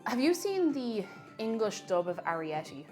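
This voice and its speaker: A young Irish woman with a fairly high voice that swoops up and down as she talks. She rambles happily through a live baking stream, laughing and reading chat aloud. Faint music plays softly behind her. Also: moderate pace. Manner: animated, rambling and laughing, reads out chat messages.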